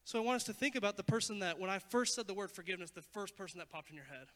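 Young male pastor, high-pitched, casual and animated sermon delivery, long reverb. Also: racing. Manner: casual, animated preaching with many "like" fillers. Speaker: youth pastor.

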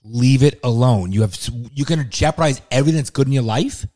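Man, podcast co-host, fast speech, blunt, stern, swears a lot. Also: mid-range voice, dark tone. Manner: blunt, lecturing, heavy swearing. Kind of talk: casual podcast chat.

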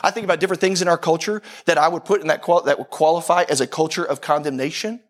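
A man's voice: a little high, steady tone, quick pace. A man preaching a sermon to a congregation in a conversational way, often repeating phrases for emphasis. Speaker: pastor.

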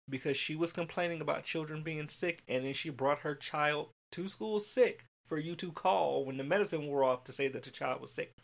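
A man who directs childcare centers, telling a workplace story in a candid, animated way, swearing freely and laughing. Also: a little high, a little fast, vocal fry, hardly any pauses. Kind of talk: casual storytelling monologue.

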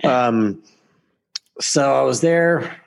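A man's voice: mid-range voice, extremely slow, vocal fry. A man, a guest on a talk show, telling anecdotes casually and chuckling often. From United States. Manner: animated, laughs often while telling anecdotes. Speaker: podcast guest. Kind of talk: casual storytelling.

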